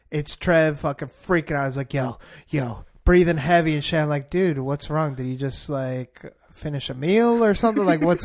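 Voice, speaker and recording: A man hosting a podcast in casual chat, animated and swearing while retelling a phone call. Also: fairly high pitch.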